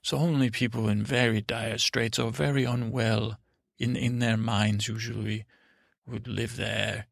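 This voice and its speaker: A man's voice: on the low side, flat delivery, unhurried, creaky, dry recording, studio quality. A man speaking as a blunt, plain-spoken stepmother, telling a rambling bedtime story in a drowsy way, full of restarts. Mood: wry.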